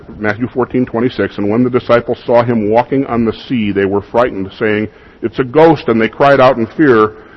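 A man preaching a sermon in a husky voice, in a conversational style with rhetorical questions to the congregation, in what sounds like a church. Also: mid-range voice. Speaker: pastor. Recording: dull lo-fi recording.

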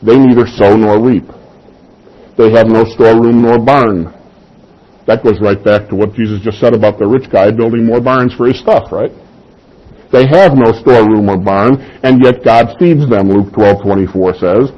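A man preaching a sermon and teaching from scripture, emphatic and given to rhetorical questions and soft chuckles. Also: on the low side, normal speed, muffled recording. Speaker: pastor.

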